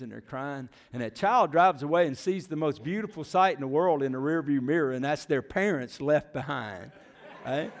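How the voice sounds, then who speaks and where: Middle-aged preacher guy, lively sermon, quizzes the crowd, goes quiet and whispery at times. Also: on the high side, creaky. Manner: animated, asks the congregation questions, drops to a near whisper. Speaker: preacher, former youth minister and missionary.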